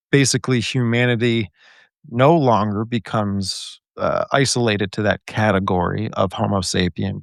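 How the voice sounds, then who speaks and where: A fairly low-voiced man hosts a podcast over a video call. He rambles and speculates, thinking aloud with plenty of restarts. The sound is dry and close, with no room around it. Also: gravelly, dry recording. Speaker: podcast host. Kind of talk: casual conversation on a podcast.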